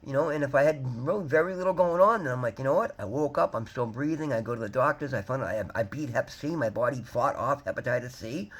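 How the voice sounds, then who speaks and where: A man's voice: medium pitch, fast, few pauses. A man in his fifties talking candidly to camera in a rambling, emphatic way, often calling his viewers guys. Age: 50s. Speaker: vlogger. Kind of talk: candid personal talk to camera.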